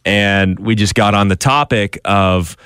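A man's voice: fairly low pitch, measured pace, a bit bright, clear, resonant tone, dry recording, studio quality. A man hosting a podcast in casual chat, telling stories and joking. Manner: storytelling, joking. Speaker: podcast host.

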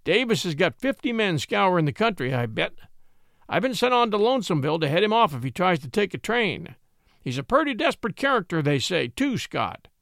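A man voicing a pushy male deputy in a storybook reading, talking loud and insistent. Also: high-pitched, big pitch swings, fairly quick, gravelly, no room sound, clean studio sound, exaggerated voice. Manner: loud, insistent country talk. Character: pushy rural male deputy hunting a fugitive.

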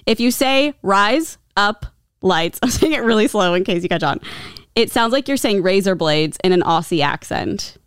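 A woman's voice: medium pitch, animated, moderate pace, clear, resonant tone, dry recording, studio quality. A woman co-hosting a podcast, chatty and giggly, playfully trying out jokes. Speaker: podcast co-host. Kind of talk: casual chat.

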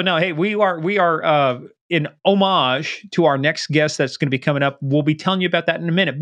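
A man co-hosting a podcast, chatting casually and running through promos in a jokey, quick patter. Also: on the high side, a bit bright. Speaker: podcast co-host.

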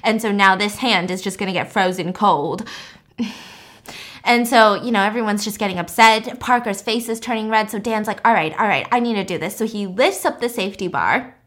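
A woman's voice: mid-range voice, normal speed, fairly bright tone. A young woman hosting a podcast, retelling a movie in casual chat, full of fillers and laughing often. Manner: chatty storyteller, filler-heavy, laughs often. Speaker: podcast host.

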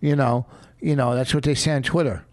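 A man's voice: mid-range voice, steady tone, fairly quick. A man comedian telling meandering stories on a podcast, rambling and restarting. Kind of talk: casual podcast storytelling.

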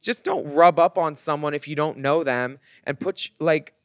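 A man's voice: fairly high pitch, moderate pace, clean tone, no echo, clean studio sound. A man co-hosting a podcast, telling a story in casual gossip chat and acting out the people in it. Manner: animated storyteller who acts out the other people in his stories. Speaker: podcast co-host.

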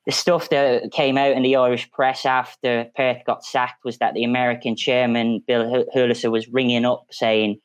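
A man's voice: mid-range voice, moderate pace, few pauses, clear, resonant tone, dry recording, low-quality recording. A man on a football podcast panel telling a long story in a casual, chatty way with frequent restarts. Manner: storytelling, animated, many restarts.

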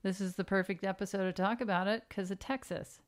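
A woman comedian co-hosting a casual podcast, teasing with a dry, deadpan manner. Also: medium pitch, fast. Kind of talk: casual chat.

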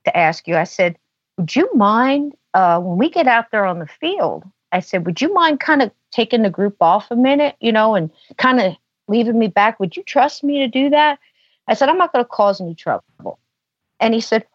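A woman's voice: a little high, expressive, normal speed, no room sound. Chatty woman telling a story, dull sound. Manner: chatty, lots of filler "you know". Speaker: podcast guest. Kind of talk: casual storytelling.

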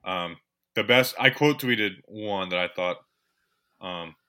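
A man co-hosting a casual sports podcast, animated and repeating himself as he talks. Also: fairly low pitch, slow, clear, resonant tone. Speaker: podcast co-host.

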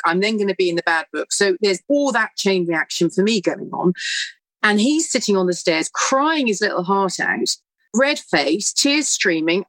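A middle-aged British woman talks as a guest, quick and animated as she tells a story, her voice moving easily up and down. Her pitch sits in an ordinary middle range. The recording is close and dry, with no room sound. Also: no echo, low-quality recording. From United Kingdom. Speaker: guest author. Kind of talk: conversational storytelling.

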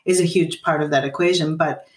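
A woman's voice: sits low, fairly even intonation, fairly quick, recorded from a distance. A woman in her thirties, a parent coach giving earnest advice in a podcast conversation. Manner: earnest, gently coaching, acts out parent and child lines. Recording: roomy, off-mic sound.

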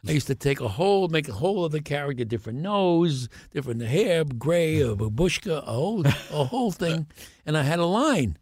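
An older man, a guest actor on a podcast, telling lively anecdotes and acting out the voices of the people in them. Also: on the high side, a little fast, breathy edge, no room sound, studio quality. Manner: animated anecdotes, acting out the other voices in his stories. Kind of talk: podcast interview storytelling.

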